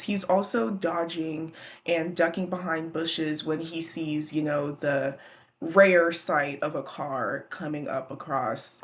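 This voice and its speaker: A woman casually recapping a children's book, animated and slangy. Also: sits low. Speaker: book vlogger.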